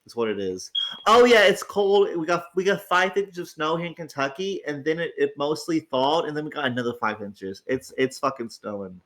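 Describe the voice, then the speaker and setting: Groggy male stream host, raised pitch, loose profane rambling delivery. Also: expressive, normal speed, fairly bright tone. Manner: rambling, swears freely, stammers on restarts. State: tired, groggy. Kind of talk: casual livestream chat.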